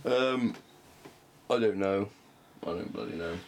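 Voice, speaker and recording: A man's voice: on the low side, unhurried, a little hiss or hum. A man in casual podcast chat, hesitant and self-deprecating, often trailing off mid-thought. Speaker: podcast co-host.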